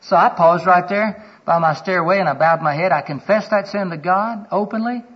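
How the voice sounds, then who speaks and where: A man's voice: high-pitched, moderate pace. A middle-aged man preaching a sermon, telling personal stories earnestly and quoting people aloud. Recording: dull lo-fi recording.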